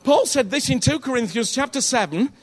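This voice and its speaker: A man's voice: very high-pitched, animated, brisk. A man preaching a sermon in a conversational, earnest way, often checking in with his listeners and repeating phrases for emphasis.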